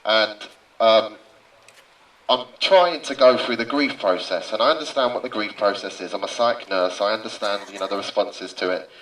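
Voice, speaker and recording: A male psychiatric nurse hosting a rally, speaking haltingly and emotionally. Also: fairly low pitch, fairly bright tone, echoey room, recorded from a distance, poor audio. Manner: emotional, halting, holding back tears. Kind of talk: rally speech and speaker introductions. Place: outdoor street rally.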